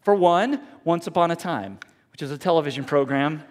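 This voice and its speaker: A man in his forties with a fairly high voice delivers a sermon in a church sanctuary. He talks in a conversational, animated way and catches and corrects himself as he goes. His voice rings out with a long hall reverb behind it. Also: fairly quick. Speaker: pastor.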